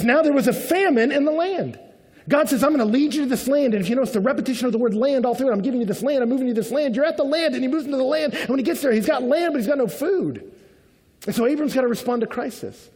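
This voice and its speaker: A man with a fairly high voice delivers a lively sermon in a big hall, and his words trail off into a long reverb. He talks casually and jokes as he goes, slipping into the voices of the people he quotes. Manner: animated, acts out quoted voices, conversational humor. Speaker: pastor.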